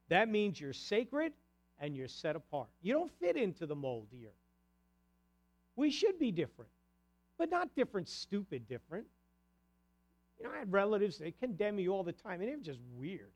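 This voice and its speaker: Animated, high-voiced male preacher. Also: normal speed, long pauses. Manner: animated preaching with sudden loud and soft swings; conversational asides to the congregation. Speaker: pastor. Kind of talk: sermon.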